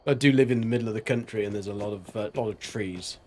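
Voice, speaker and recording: A man's voice: on the low side, fast. A man streaming a video game, chatting casually and rambling with jokes and silly sound effects. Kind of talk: casual gameplay commentary.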